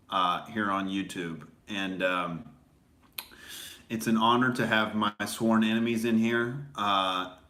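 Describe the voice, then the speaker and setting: A slow-talking man with a slightly low voice rambles through a sarcastic comedy monologue, dropping plenty of filler words along the way. His voice rings around a small, echoey room. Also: sharp tone. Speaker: comedian and podcast host. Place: small home recording setup.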